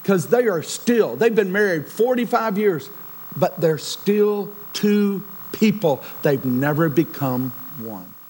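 A middle-aged man preaching a sermon as a pastor, swinging from loud emphasis to a near-whisper. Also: high-pitched, lively intonation, slow, poor audio.

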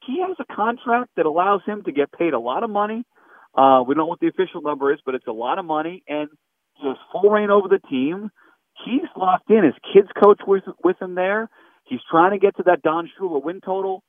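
A male sports radio host with a voice on the high side talks briskly, animatedly and emphatically during a phone-in chat, mimicking callers. The phone line sounds tinny and dry, with no echo.

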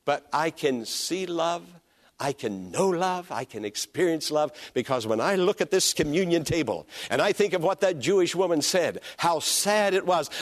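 Animated high-voiced preaching pastor. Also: male voice. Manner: emphatic, swings from loud peaks to soft hushed lines; leads the congregation in call and response. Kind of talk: sermon.

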